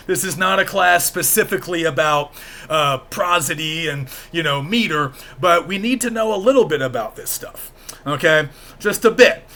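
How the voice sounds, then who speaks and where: A male lecturer with a bright, forceful tone and a voice that sits a little higher than most men's. He explains step by step in a plain, patient way, often pausing to check that listeners are following. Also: a little hiss or hum. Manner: explanatory, plain-spoken, checks in with "okay?" and "right?". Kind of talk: recorded lecture.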